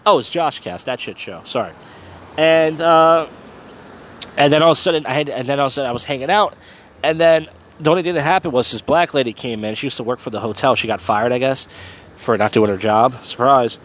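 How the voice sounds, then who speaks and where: A man's voice: mid-range voice, a little fast, fairly bright tone, a little hiss or hum. A man hosting his own podcast, a little tipsy, telling crude, meandering stories packed with fillers in a casual monologue. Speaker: podcast host and open mic host.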